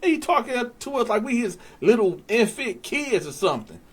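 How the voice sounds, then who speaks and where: A man casually telling a story about jail, animated and profane, talking straight to his viewers. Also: extremely high pitch, normal speed, breathy edge.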